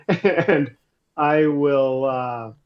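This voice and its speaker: A man's voice: a little high, dull audio. A man playing a tabletop game, describing his spell hesitantly with many restarts. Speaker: player. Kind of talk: casual tabletop play.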